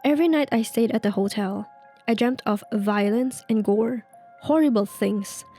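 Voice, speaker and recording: Lady reading creepy stories slow and hushed, warm soft voice, little music underneath. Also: fairly high pitch. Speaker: narrator reading online stories. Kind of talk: reading a creepy story aloud, then commenting. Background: faint music.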